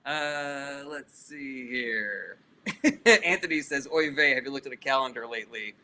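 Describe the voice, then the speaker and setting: A man's voice: medium pitch, measured pace, bright, forceful tone, rough recording. A male comedian casually answering live chat questions, loose and profane, reading each question aloud before he answers.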